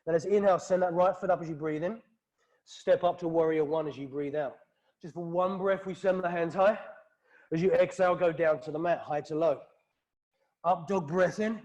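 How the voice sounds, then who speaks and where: High-voiced British man cueing yoga. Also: normal speed, highs cut off. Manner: calm, steady breath-paced instructions. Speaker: yoga instructor. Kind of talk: guided yoga class cues. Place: hot yoga studio.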